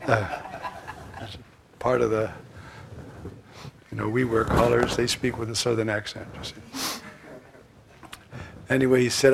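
A man preaching a sermon, swinging from loud, emphatic lines to hushed asides. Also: mid-range voice, level tone, slow, vocal fry, pauses often, a little hiss or hum.

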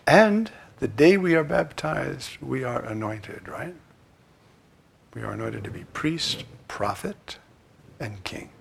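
A man preaching a sermon, swinging from loud, emphatic lines to hushed asides. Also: mid-range voice, lively intonation, slow pace, creaky, husky.

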